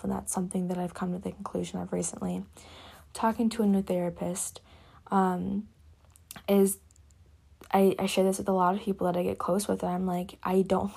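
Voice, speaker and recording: A young woman hosting a reflective solo talk from her cabin, speaking softly and haltingly, often dropping to a whisper. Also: on the low side, vocal fry, breathy edge. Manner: soft-spoken, halting, often drops to a whisper. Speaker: podcast host.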